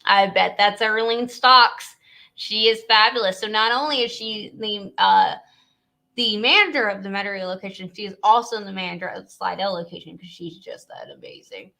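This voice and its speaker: A woman's voice: medium pitch, moderate pace, pushed and bright. A woman from Louisiana, hosting a casual live stream and chatting in a rambling way, laughing often.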